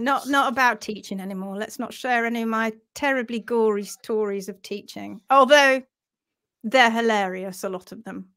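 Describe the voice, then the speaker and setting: A woman telling a funny story on a live stream, animated and self-mocking, laughing often. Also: fairly high pitch. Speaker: host of a live horse-care session.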